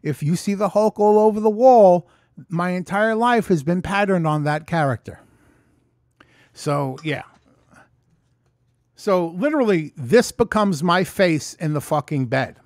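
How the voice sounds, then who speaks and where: Man, animated and swearing a lot, talking straight into a close mic, dry sound. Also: high-pitched, unhurried, long pauses, no echo. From New York. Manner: profane, animated storytelling. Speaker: vlogger. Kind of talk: casual storytelling vlog. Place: room at home. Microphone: close mic in front.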